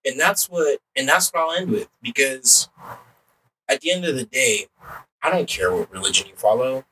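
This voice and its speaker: Podcast guy wrapping up, thoughtful and slangy, bright voice, mic a bit far. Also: mid-range voice. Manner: reflective, slang-tinged closing remarks. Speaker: podcast co-host. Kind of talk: casual chat. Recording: distant mic, faint background noise.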